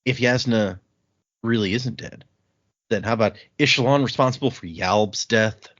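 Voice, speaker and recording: A man co-hosting a casual book discussion, animatedly retelling scenes and putting on quick voices for the characters. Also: lowish voice, fairly bright tone, dry recording. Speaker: podcast co-host. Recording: dull lo-fi audio.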